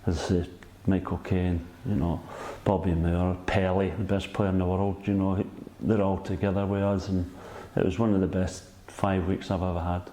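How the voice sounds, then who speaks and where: Give me a Scottish man in his sixties who rambles through his stories and keeps checking in with "you know what I mean?". He has a low, mellow voice. The room gives it a clear echo. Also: flat delivery, normal speed, a little hiss or hum. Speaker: guest, former footballer. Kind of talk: casual anecdote telling.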